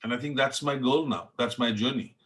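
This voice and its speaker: A middle-aged Indian chef with an Indian accent, a guest on a podcast, tells his story in a reflective interview, earnest and passionate. His voice is medium-pitched, fairly quick, and a bit bright.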